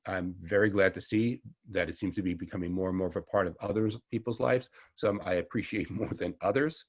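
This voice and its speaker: Husky low-voiced Long Island man. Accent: Long Island New York. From Long Island, New York. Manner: rambling, chatty, self-correcting with small laughs. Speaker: herbalist teacher. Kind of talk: casual online class lecture.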